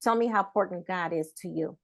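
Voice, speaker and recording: Woman, lowish voice, talk show host, affirming, conversational. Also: fairly quick. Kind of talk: casual interview.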